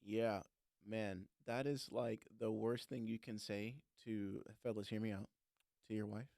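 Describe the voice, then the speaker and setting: A man's voice: lowish voice, unhurried, creaky, no echo, studio quality. A man co-hosting a casual faith podcast, joking around with playful asides. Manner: joking, animated, lots of fillers and playful asides. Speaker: podcast co-host.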